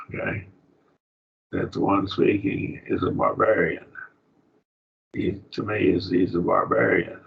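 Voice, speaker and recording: A man's voice: sits low, creaky, slightly rough. A man teaching a college-level Bible study class, working through Greek grammar and thinking aloud with frequent restarts. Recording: dull lo-fi recording.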